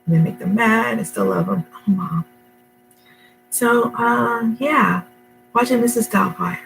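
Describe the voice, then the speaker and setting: A woman's voice: a little high, a little slow, creaky, music in the background, poor audio. A middle-aged woman talking casually to camera at home, rambling and emotional, with many fillers and restarts. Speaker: vlogger. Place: her home, indoors.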